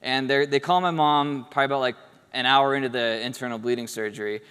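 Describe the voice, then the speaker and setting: A man's voice: medium pitch, fairly even intonation, quick pace, a bit bright, clean tone. A young man telling a personal story in a casual, wry, matter-of-fact way, in a large hall. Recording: long hall reverb.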